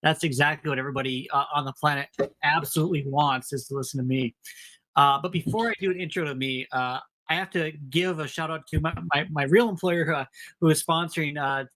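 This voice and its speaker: A man's voice: a little high, fairly even intonation, brisk, a bit bright. Joking man with a Minnesota accent. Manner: self-deprecating, joking, rambling. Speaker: podcast co-host. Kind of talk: casual podcast chat.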